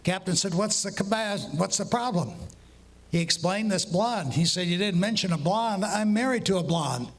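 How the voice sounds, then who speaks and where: A man telling long jokes at a comedy session, acting out the dialogue and drawing out the punchlines. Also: high voice. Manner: story jokes acted out with quoted dialogue, drawn-out punchlines. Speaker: walk-on joke teller. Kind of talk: stand-up joke telling.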